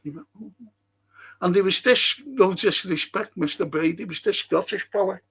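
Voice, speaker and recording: A man's voice: normal speed, gravelly, fairly bright tone, husky. A middle-aged man from Liverpool with a Scouse accent, hosting a casual monologue, ranting and swearing, his voice shooting up when heated. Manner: ranting, swears freely, voice jumps much higher when heated. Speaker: show host.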